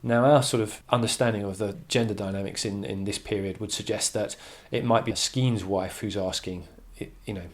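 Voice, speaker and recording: A man's voice: on the low side, steady tone, moderate pace, few pauses. A man teaching a poetry analysis lesson, thinking aloud with many restarts and reading quoted lines with emphasis.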